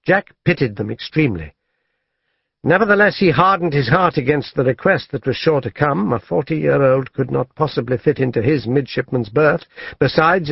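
A man reading an audiobook as narrator in a measured, even storytelling manner. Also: mid-range voice, vocal fry, slightly rough, dry recording. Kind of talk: scripted narration. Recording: dull lo-fi dry studio audio.

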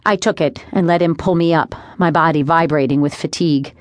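A young woman reading a first-person audiobook in a measured, wry storytelling manner. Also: low-pitched, dry recording. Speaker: audiobook narrator. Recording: dry close studio sound.

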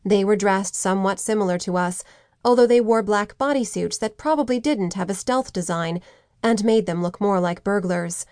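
A woman reading a teen novel aloud in first person, steady and clear. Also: mid-range voice, normal speed, no room sound, studio quality. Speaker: audiobook narrator. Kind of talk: scripted first-person narration.

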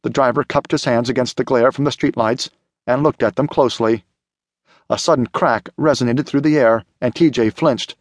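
A man narrating a thriller audiobook in a steady, measured way. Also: mid-range voice, no echo, studio quality. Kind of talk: scripted narration.

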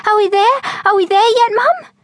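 A woman voicing an eager, excited young girl in a storybook, squealing high with excitement. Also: moderate pace, no room sound.

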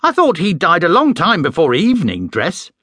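Keen young boy, raised pitch, lively, voiced by a male narrator. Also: moderate pace, husky, no room sound, studio quality, heavily acted. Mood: eager.

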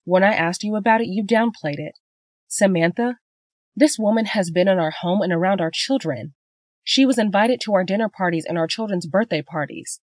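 A woman's voice: medium pitch, moderate pace, no room sound, natural voice. A woman voicing a betrayed wife and mother who speaks in heated, angry bursts, in a dry-sounding audiobook reading. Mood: furious. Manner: heated, raising her voice in anger.

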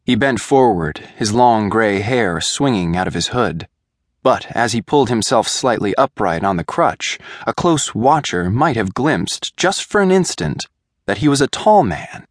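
A man narrating a young-adult fantasy audiobook in a measured, deliberate way. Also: lowish voice, dry recording, studio quality. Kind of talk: scripted narration.

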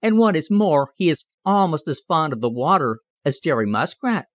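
A man putting on a sharp, scolding little wren. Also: fairly high pitch, sing-song, no room sound, lo-fi sound. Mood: earnest. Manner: brisk, teasing, lecturing. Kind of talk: audiobook character reading.

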